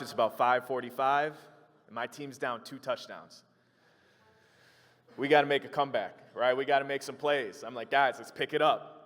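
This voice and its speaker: A young man from Wisconsin giving a motivational speech to a live audience, telling a story earnestly and emotionally, with energetic bursts. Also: mid-range voice. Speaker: motivational speaker. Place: room with an audience. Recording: long hall reverb.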